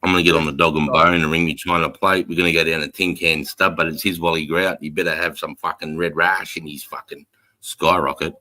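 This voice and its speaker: A very low-pitched Australian man with a bright, forceful edge to his voice. He chats on a livestream, swearing freely and laughing through his yarns, with a love of rhyming slang. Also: fairly even intonation, fairly quick. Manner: profane, laughing storyteller fond of rhyming slang. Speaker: livestream co-host. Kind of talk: casual chat.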